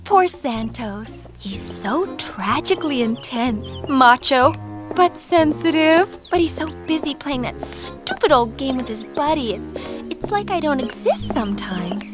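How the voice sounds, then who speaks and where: A giggly, flighty young singer-hopeful. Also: female voice, high-pitched, expressive, a little slow, over music. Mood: bubbly. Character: bubbly young woman, former bank teller, aspiring singer.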